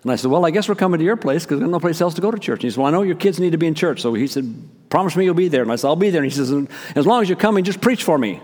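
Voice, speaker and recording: A pastor telling a personal story in a sermon, acting out each quoted exchange. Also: male voice, fairly high pitch, very fast, hardly any pauses. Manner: animated storyteller, acts out quoted dialogue. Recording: long reverb of a large hall.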